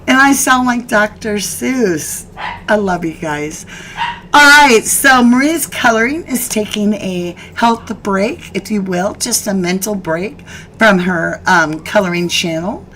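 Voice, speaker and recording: A woman hosts a casual live-stream chat at an unhurried, drawn-out pace. Her voice sits in a middle range and she talks chatty and homespun, with a little background hiss underneath. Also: mid-range voice, lively intonation, a bit bright, rough recording. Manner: chatty, scolding her dogs mid-stream, laughing. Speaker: host of a live true crime chat.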